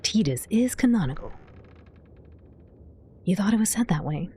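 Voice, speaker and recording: A woman's voice: mid-range voice, animated, normal speed, warm tone, slightly rough. A woman livestreamer chatting casually with her viewers as she plays, giggling often and reading their messages aloud. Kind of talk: casual game commentary to chat.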